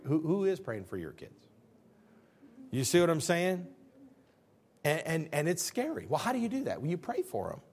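A man's voice: a little high, gravelly. A man in his fifties, a pastor giving a conversational sermon full of jokes and rhetorical questions.

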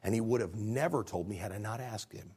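A man preaching a sermon, earnest and animated, asking the congregation questions. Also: lowish voice, brisk, slightly rough.

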